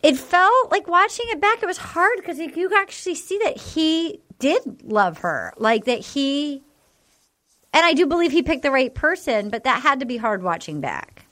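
A woman hosting a podcast, telling stories in an animated, casual way and swearing now and then. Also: sits high, normal speed, slight background noise. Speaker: podcast host. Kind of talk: casual chat recapping a reality show.

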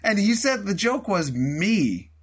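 A man's voice: sits high, sing-song, slow, breathy edge. A man in casual comedy chat who keeps questioning the story with incredulous, laughing remarks.

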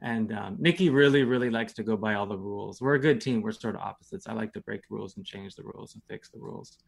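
A man's voice: lowish voice, fast, creaky. A man in his forties, a guest on a podcast, telling stories in a rambling, laid-back way with lots of "you know" and some casual swearing. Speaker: podcast guest, reality competition champion.

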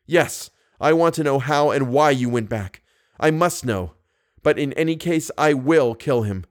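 A man voicing a hot-headed, jealous young nobleman with fierce, shouting outbursts, in an audiobook reading. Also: medium pitch, animated, unhurried, natural voice. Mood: furious.

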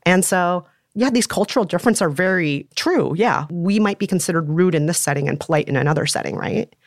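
A woman's voice: lowish voice, lively intonation, brisk, no echo, studio quality. A woman co-hosting a podcast, talking earnestly and reading listener letters aloud. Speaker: podcast co-host. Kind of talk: casual chat.

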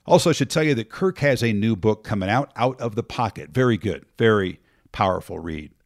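A man hosting a podcast, reading a measured introduction to the next guest. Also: on the low side, animated, dry recording, studio quality. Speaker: podcast host. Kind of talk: scripted introduction.

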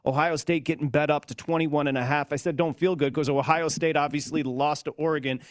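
Male co-host, slightly high voice, dry close sound, brisk and steering the talk. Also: fairly even intonation, dry recording. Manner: brisk, tosses lines and questions to his partner. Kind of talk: sports betting talk show chat.

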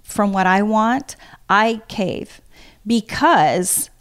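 A woman's voice: mid-range voice, expressive, drawn-out words, clear, resonant tone. A middle-aged woman, giving earnest, heartfelt advice as an interview guest. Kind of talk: casual conversation.

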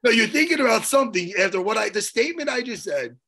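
A man co-hosting a podcast over a video call, talking animatedly and teasing, with loud bursts now and then. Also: sits high, animated, fast, slightly rough. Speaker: podcast co-host. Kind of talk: casual chat.

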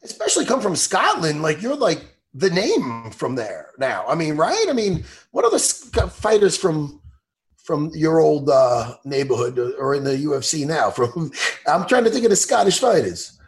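Loud, joking man with a gravelly voice. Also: fairly high pitch, wildly swooping pitch, moderate pace. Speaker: co-host. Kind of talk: casual interview chat.

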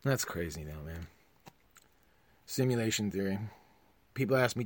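A man hosting a podcast, delivering a profane comedic rant that swings between loud outbursts and low mutters. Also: lively intonation, a little slow, pauses often, dry recording.

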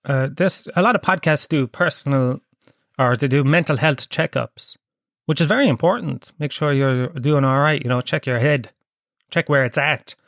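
This podcast host, a young man from Kerry in Ireland, is battling a cold as he rambles, swears, and jokes at his own expense in a casual comic monologue. His medium-pitched voice is fairly bright and moves at a moderate pace, recorded dry with clean studio sound.

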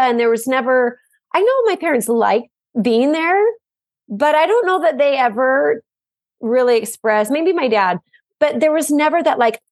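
A mom and program co-founder talking as a guest in a casual interview, loud and energetic by nature, telling stories in an animated way. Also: female voice, on the high side, normal speed, no room sound, clean studio sound.

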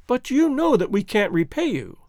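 A man's voice: sits high, big pitch swings, moderate pace, no room sound, clean studio sound. A man voicing a proud, torn young woman in an audiobook, speaking earnestly. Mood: dismayed. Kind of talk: audiobook character reading.

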